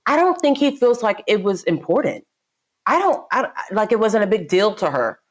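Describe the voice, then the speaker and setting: Lively woman chiming in with opinions. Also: medium pitch, moderate pace. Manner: chatty, agreeing, frank opinions. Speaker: guest co-host. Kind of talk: casual chat.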